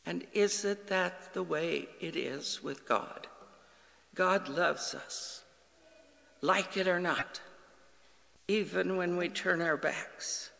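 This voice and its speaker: Male pastor, sermon delivery, bright slow voice with long reverb. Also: high-pitched, vocal fry. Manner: slow, earnest preaching with quoted dialogue.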